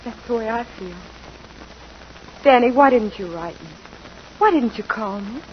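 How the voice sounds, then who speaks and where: Torn young dancer, pleading. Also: female voice, a little high, expressive, unhurried. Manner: emotional, breathless pleading. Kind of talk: 1940s radio acting. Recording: dull 1940s radio recording with clear hiss.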